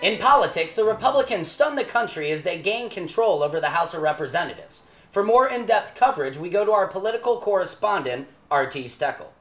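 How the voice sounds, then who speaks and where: A woman's voice: fairly low pitch, expressive, fairly quick, echoey room, soft background music. A woman hosting a comedy news spoof, reading stories in a mock-serious anchor manner. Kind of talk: deadpan mock newscast.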